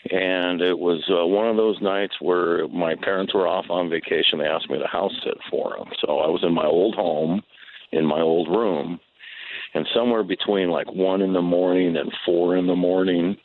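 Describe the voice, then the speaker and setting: Middle-aged male caller, very deep gravelly voice, halting and nervous, tinny phone line. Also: fairly even intonation. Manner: hesitant, lots of ums, nervous laughs. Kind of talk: telling a personal story on a call-in show. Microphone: telephone.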